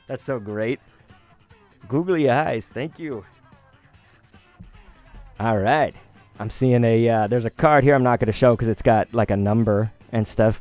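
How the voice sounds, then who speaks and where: A man in his thirties live-streaming as he opens trading cards, gushing and excitable, often laughing and sighing. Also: mid-range voice.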